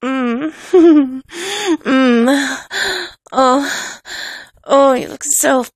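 A woman with a fairly high voice and a gravelly, fry-tinged edge speaks in an unhurried, teasing, commanding way, laughing softly between lines. She performs a dominant adult audio role-play into a close, dry mic. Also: fairly even intonation, dry recording.

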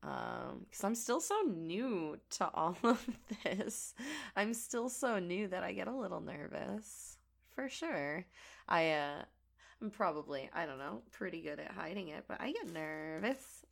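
A woman with a gravelly voice today, chatting casually and rambling as she crafts. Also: lowish voice, sing-song, a little slow. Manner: rambling and chatty, many fillers. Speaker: audio creator and crafting vlogger. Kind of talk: casual chat while crafting.

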